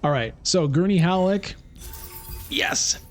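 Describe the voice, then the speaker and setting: A man's voice: fairly high pitch, expressive, normal speed, a little mellow, soft background music. A man giving casual, chatty commentary as he plays a digital board game, thinking aloud. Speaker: streamer.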